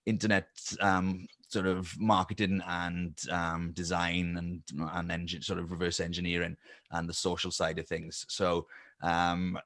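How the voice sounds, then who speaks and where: A man with a fairly low voice speaks up on a casual video call. He is new to the group and hesitant, and he pauses and restarts as he pitches his ideas. His tone stays friendly and conversational. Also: completely flat delivery, fairly bright tone. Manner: hesitant, many ums and restarts.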